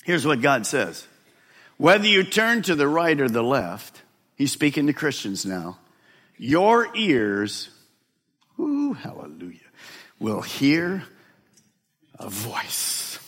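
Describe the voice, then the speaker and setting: A middle-aged man preaching a sermon as a pastor, swinging between hushed asides and shouted emphasis. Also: a little high, sing-song, takes it slowly. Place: large church hall. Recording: long hall reverb.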